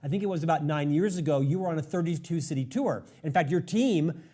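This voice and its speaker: Higher-voiced male interview host. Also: expressive, fast, dark tone. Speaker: podcast host.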